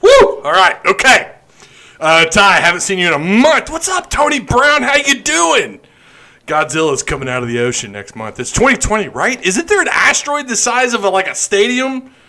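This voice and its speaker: A man hosts a casual live stream, rambling and joking between sips of beer. His voice sits a bit high for a man and sounds bright and forward. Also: very animated, normal speed. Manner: rambling, joking, drinking beer while talking. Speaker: podcast host.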